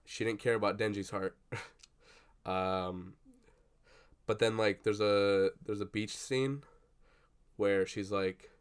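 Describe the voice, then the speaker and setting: A young man chatting casually at his desk about a film he just saw, rambling and swearing with lots of fillers and excited bursts. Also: lowish voice, slow, long pauses, clean tone. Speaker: vlogger. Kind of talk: casual movie reaction chat. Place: at a desk indoors. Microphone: computer webcam.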